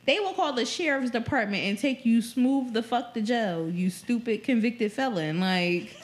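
A woman's voice: on the high side, normal speed, background noise. A pregnant young woman co-hosting a podcast, telling a story in casual chat, swearing a lot and acting out what people said. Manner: profane, animated storytelling, quotes people often. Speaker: podcast co-host.

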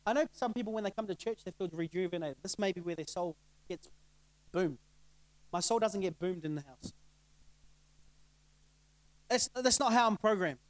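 A man's voice: sits high, normal speed, long pauses, no room sound, poor audio. A middle-aged male pastor giving a casual sermon, conversational and laughing often, asking the crowd rhetorical questions. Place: church.

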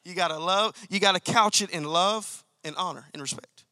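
A man's voice: sits high, moderate pace, sharp tone, smooth, no room sound. A male pastor preaching a sermon, emphatic and repetitive, calling out to members of his congregation. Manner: emphatic, repeats key phrases, calls out to congregation.

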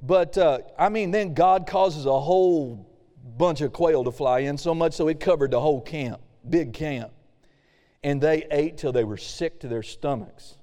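A man's voice: on the high side, unhurried, mellow. Man preaching in a reverberant hall. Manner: casual preaching with reading aloud and acted-out quotes. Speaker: pastor. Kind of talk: sermon.

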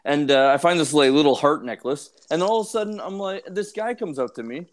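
A man co-hosting a casual podcast, chatting in a laid-back, halting way with "uh" and "like" fillers. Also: a little high. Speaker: podcast co-host.

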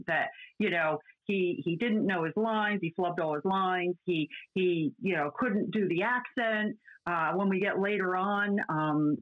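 A woman co-hosting a casual chat, talking in a chatty way with many restarts and fillers. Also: medium pitch. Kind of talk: casual chat about classic TV. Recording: dull lo-fi audio.

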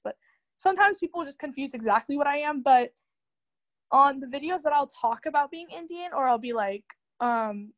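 High-voiced young woman talking fast. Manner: fast, animated talk with many "like" fillers. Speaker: guest. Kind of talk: casual chat.

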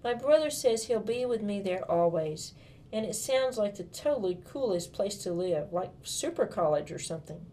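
A woman's voice: medium pitch, lively intonation, moderate pace, mellow, slight background noise. A woman reading a first-person storybook as a young girl, in a bubbly, gushing manner full of childlike enthusiasm.

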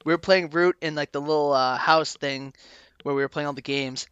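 Male podcast guest, easygoing storyteller, brightish and slightly high voice. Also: steady tone, fairly quick, smooth, dry recording, lo-fi sound. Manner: easygoing anecdote teller. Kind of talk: casual storytelling.

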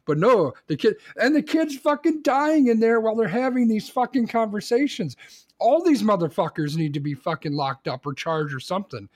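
A man co-hosting a casual talk podcast, swearing heavily and ranting hard. His voice sits a bit higher than most men's. The delivery is blunt and fired up. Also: animated, a little fast. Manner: heavy swearing, ranting angrily. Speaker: podcast co-host. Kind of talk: casual chat.

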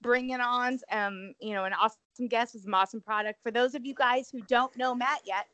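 A woman's voice: fairly high pitch, brisk, pushed and bright, no room sound, lo-fi sound. Chatty upbeat woman podcast co-host. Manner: chatty, upbeat, filler-heavy. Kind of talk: casual podcast chat.

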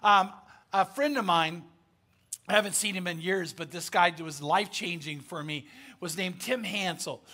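A man's voice: sits high, normal speed, pushed and bright. A man preaching a sermon, telling a story in an emphatic, conversational way with frequent fillers. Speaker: pastor.

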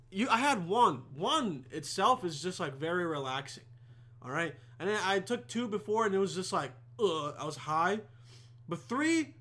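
High-voiced, profane young podcast guy. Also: sharp tone. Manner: rambling and heavily profane, with many fillers. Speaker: podcast host. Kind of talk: casual storytelling monologue.

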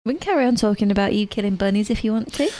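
A woman's voice: medium pitch, lively intonation, very fast, dark tone. A woman co-hosting a casual podcast, teasing her partner in a dry manner. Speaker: podcast co-host. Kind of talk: casual chat.

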